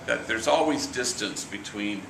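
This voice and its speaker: A middle-aged priest giving a relaxed storytelling reflection at a morning meeting, sprinkling in Spanish slang and acting out the voices of the people he quotes. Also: on the low side, unhurried, creaky. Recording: echoey room, from far off, noisy.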